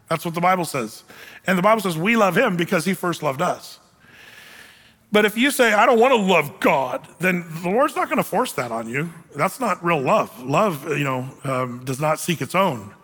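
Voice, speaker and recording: A male pastor preaches with a high, bright voice that has a tense edge. His delivery is conversational and animated, full of casual asides. A long hall reverb trails each phrase. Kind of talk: sermon.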